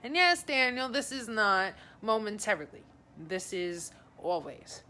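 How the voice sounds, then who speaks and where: A woman psychic talks through a live-streamed reading with a bright, clear tone. She is chatty and informal and keeps calling viewers by name as she relays messages. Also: medium pitch, very animated, unhurried, slight background noise. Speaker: psychic advisor.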